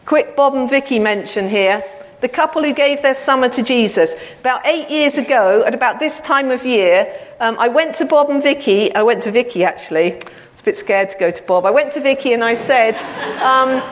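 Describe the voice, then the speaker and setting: A woman preaching a sermon, with a fairly high voice. She tells stories warmly and slows down to stress quoted lines. The sound carries a long reverb, as in a church hall. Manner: storytelling with slow emphatic quotes. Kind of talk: sermon storytelling.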